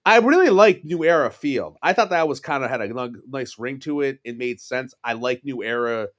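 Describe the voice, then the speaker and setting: A man's voice: mid-range voice, animated, moderate pace, fairly bright tone. A man in his forties with a New York accent, a podcast guest telling rambling stories in casual chat, swearing and laughing as he goes. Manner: rambling, swears freely, laughs mid-story.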